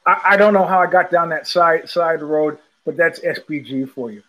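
A man's voice: on the high side, moderate pace, a bit bright, rough recording. A man hosting a podcast, telling a casual rambling story with many restarts and repetitions. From United States. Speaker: podcast host.

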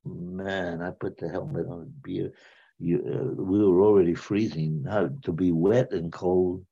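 A man in his nineties from the United States, a war veteran recounting his memories in a halting, rambling way, restarting and repeating words. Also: deep voice, fairly even intonation, creaky, warm tone, breathy edge. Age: 90s. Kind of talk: spoken personal storytelling. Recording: dull lo-fi sound.

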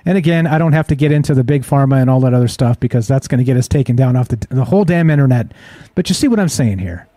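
Male streaming host, mellow slightly high voice, skeptical rhetorical delivery, dry close recording. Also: animated, fast talker, no room sound. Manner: skeptical, rhetorical, keeps asking the audience "right?". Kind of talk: live-streamed talk show monologue.

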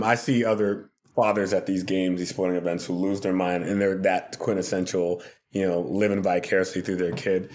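A man with a lowish voice sits in as a guest on a podcast. He talks in an earnest, self-deprecating way, and his tone stays easy and conversational. He sounds like someone in his forties. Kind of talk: casual chat.

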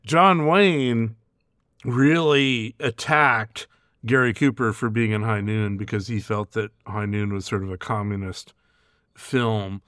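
A man's voice: lowish voice, slow, a bit bright, clear, resonant tone, dry recording, clean studio sound. Chatty man who laughs often. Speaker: podcast co-host. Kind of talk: casual chat.

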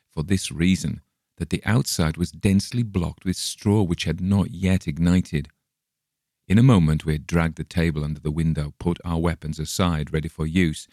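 Male narrator, very low voice with gravelly fry, dry close recording, measured storytelling. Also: a little mellow, dry recording. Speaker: audiobook narrator. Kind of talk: scripted narration of a classic story.

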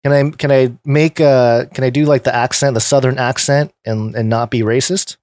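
A relaxed man trading jokes on a casual podcast, meandering through asides with easy filler. His voice has an ordinary middle pitch. The sound is dry and close, with no room around it. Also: moderate pace, dry recording. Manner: laid-back, joking, trailing asides. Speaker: podcast co-host.

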